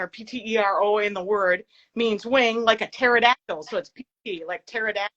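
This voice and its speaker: A woman co-hosting a casual livestream chat, chatty and laughing often, slowing down to explain words. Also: medium pitch, a bit bright, dull audio. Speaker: co-host of a fan livestream.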